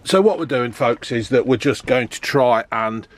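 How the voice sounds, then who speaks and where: A man's voice: medium pitch, expressive, moderate pace, slight background noise. Chatty man vlogging his van build. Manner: chatty, joking, lots of fillers. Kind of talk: casual chat to camera.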